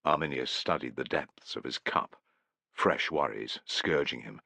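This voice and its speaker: A man's voice: extremely low pitch, measured pace, creaky, sharp tone, no room sound. A man narrating a historical war novel in a scripted, dramatic reading. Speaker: audiobook narrator.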